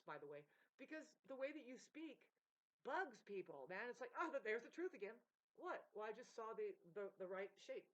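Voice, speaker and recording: A woman's voice: mid-range voice, lo-fi sound. A woman giving an unscripted, rambling rant to camera, emphatic and full of swearing and digressions. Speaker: vlogger.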